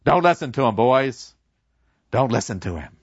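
A man voicing a zealous, pompous old schoolteacher who preaches glory in a shrill, strident way. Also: big pitch swings, moderate pace, breathy edge. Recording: dull lo-fi dry recording.

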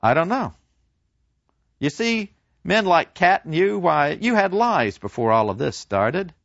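A man voicing a thoughtful, weary young soldier who speaks quietly and reflectively. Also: fairly high pitch, very animated, measured pace, gravelly, dry recording, dull audio, pitched above the performer's own voice, full character voice.

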